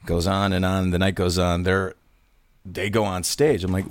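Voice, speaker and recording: A man's voice: deep voice, normal speed, slight background noise. A musician guest, a man, telling band stories in a casual chat and acting out what others said. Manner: animated anecdotes, acts out quotes. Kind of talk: casual storytelling.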